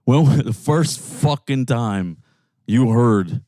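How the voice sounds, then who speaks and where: A man's voice: medium pitch, slow pace, no echo, studio quality. Swearing New York guy bantering. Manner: animated, swears constantly, acts out voices. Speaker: podcast co-host. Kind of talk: casual profane banter in a car. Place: in a jeep.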